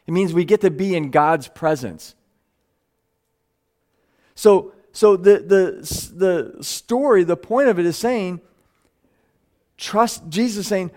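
Earnest preacher man with a higher voice. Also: slow, long pauses, darkish tone. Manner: earnest, rises in pitch and speeds up when stressing points; stumbles over words and restarts phrases. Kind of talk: live sermon.

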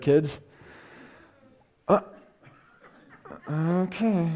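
A man's voice: high voice, a little mellow. A middle-aged man teaching a Bible class in a chatty, conversational way, often repeating himself and asking the room questions.

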